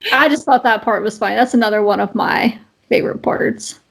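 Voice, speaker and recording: High-voiced woman chatting casually. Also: brisk, gravelly, a bit bright. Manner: rambling, full of fillers and restarts. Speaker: podcast co-host. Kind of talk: casual chat.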